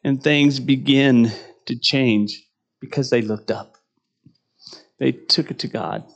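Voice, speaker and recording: A man's voice: mid-range voice, slow pace, creaky, lo-fi sound. A middle-aged man preaching a sermon in a conversational way, often asking "right?" and laughing between points.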